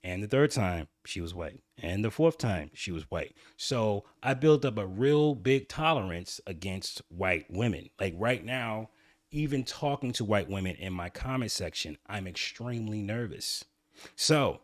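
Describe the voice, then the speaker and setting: A man's voice: on the low side, lively intonation, measured pace, dry recording, studio quality. A man hosting his own channel, candidly telling a personal story in a rambling way with frequent restarts. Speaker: channel host.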